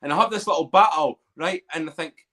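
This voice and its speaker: A man's voice: fairly high pitch, a little fast, sharp tone. A man hosting a podcast, talking candidly and questioning himself in a casual chat. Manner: candid, self-questioning, swears. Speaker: podcast host.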